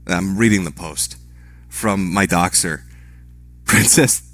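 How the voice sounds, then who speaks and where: A man streaming live, talking in a sarcastic, deadpan way and swearing a lot while he begs mockingly. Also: low-pitched, takes it slowly, faint music behind. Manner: sarcastic, deadpan mock begging, heavy swearing. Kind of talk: livestream commentary.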